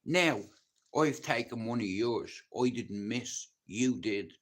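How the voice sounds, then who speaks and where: A man with a Dublin accent speaks in a blunt, intense way. He talks casually and swears freely as he tells his own rough life story to a livestream audience. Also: medium pitch, animated, takes it slowly. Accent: Dublin Irish.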